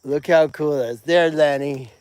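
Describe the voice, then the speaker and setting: A chatty man with a somewhat high voice rambles through a casual live-stream walk-through, full of fillers and restarts. He is walking outdoors on a farm pasture. His phone, held in his hand, picks up the talk. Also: steady tone, moderate pace, darkish tone, smooth, no room sound. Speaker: animal sanctuary caretaker.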